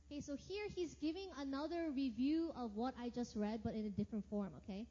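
A woman's voice: sits high, fairly quick, mellow. A middle-aged woman teaching a Bible class in a chatty, upbeat way, often saying okay, and reading scripture aloud. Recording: lo-fi audio with long reverb.

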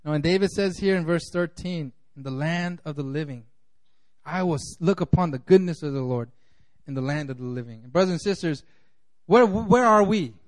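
Guy preaching in a loose chatty way, pretty high voice, acts out quotes. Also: normal speed. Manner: conversational, peppered with "you know". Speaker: pastor. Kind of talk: sermon.

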